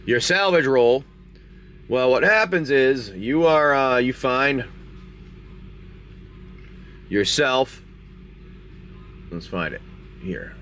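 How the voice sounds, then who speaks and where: A man's voice: mid-range voice, animated, drawn-out words, pauses often, a bit bright. A man hosting a live stream, chatty and rambling as he narrates a tabletop game and opens card packs. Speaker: game master and card-break host.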